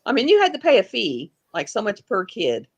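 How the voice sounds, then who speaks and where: A woman's voice: mid-range voice, huge pitch swings, brisk, a little mellow, breathy edge. A woman hosting a livestream, telling rambling, folksy stories in casual chat. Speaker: livestream host.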